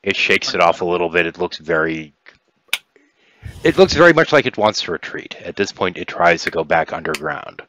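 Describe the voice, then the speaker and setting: A man narrating a tabletop game as game master, in a relaxed, rambling way with fillers. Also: low voice, moderate pace, no room sound.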